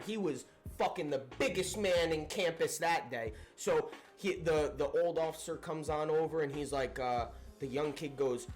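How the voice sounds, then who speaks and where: A young man recounts a story in a loose, profane vlog style. His voice sits a little high for a man, and he talks with lively energy and frequent laughter. Faint music plays underneath. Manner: profane, animated, laughing retelling. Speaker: storyteller vlogger. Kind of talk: casual storytime.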